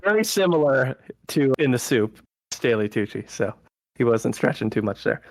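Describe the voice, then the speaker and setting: A man co-hosting a film podcast, recapping plots in lively casual chat and acting out lines. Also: medium pitch, normal speed, rough recording. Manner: animated, recaps plots with acted-out quotes. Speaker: podcast co-host.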